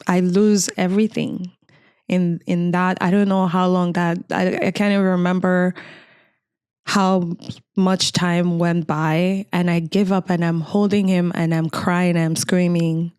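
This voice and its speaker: Slow, flat-voiced woman from Cameroon. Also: fairly low pitch, clear, resonant tone, no room sound, studio quality. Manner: earnest, emotional recounting of a frightening memory. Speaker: podcast guest. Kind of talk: personal storytelling in conversation.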